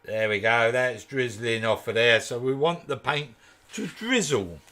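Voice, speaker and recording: This East London man has a Kent accent and hosts a woodturning channel, joking and chatting casually through a live demo while he answers viewer comments as he works. His voice is medium in pitch, expressive and a little slow, with a bright, forceful tone.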